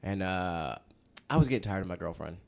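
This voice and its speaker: A man's voice: deep voice, lively intonation, fairly quick, gravelly, a crowd in the background. A young man and band frontman telling rambling, self-mocking stories in casual chat, laughing often. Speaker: podcast guest, band frontman.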